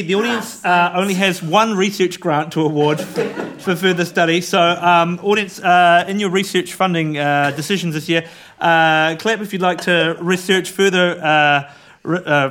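A man's voice: high voice, moderate pace, fairly bright tone. A man hosting a live comedy quiz show, chatty and laughing, with many fillers.

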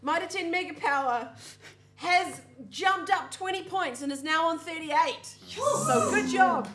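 A woman hosting a comedy quiz podcast, playful and quick to laugh. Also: extremely high pitch, faint music behind. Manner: bright, playful, laughs easily. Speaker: quiz host.

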